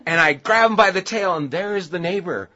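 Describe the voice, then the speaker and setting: A man preaching a sermon, telling a humorous personal story and then turning earnest and quiet. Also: high-pitched, fairly quick. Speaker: pastor. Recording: dull lo-fi audio with faint hiss.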